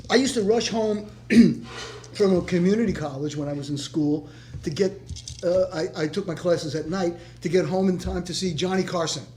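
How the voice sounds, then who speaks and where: Rambling older man, high voice. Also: moderate pace, darkish tone, a little hiss or hum. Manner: rambling storyteller, many restarts. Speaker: retired teacher in audience. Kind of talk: community discussion comment. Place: meeting room.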